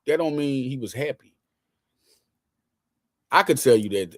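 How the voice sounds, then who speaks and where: A man's voice: fairly high pitch, animated, moderate pace, long pauses, dry recording, studio quality. A man hosting a casual sports talk show, emphatic and slangy, repeating lines for effect.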